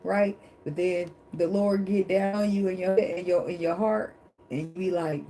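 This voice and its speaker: A woman with a fairly low, dark voice and fairly even intonation talks at normal speed on a low-quality recording. As a casual tarot reader she's blunt and emphatic, with plenty of swearing, laughter, and preachy faith asides, and she says she's dramatic.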